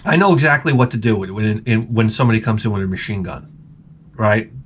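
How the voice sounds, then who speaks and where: A man telling a comedic story in an animated rant, swearing and stammering through restarts. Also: lowish voice, a little fast, noisy background. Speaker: comedic vlogger.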